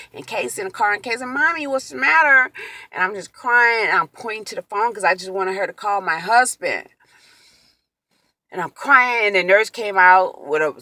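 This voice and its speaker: Woman, vlog storytime, emotional and animated, bright voice, dry room. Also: on the low side, no echo. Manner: emotional, animated retelling with quoted exclamations. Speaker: vlogger.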